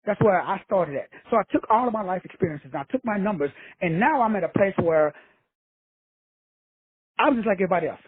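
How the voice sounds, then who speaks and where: Man preaching self-help, casual and profane, husky high voice, dry close sound. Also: lively intonation, brisk, dry recording, narrow, tinny audio. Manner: preachy, addresses listeners as brothers and sisters; casual, with frequent swearing. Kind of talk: motivational talk.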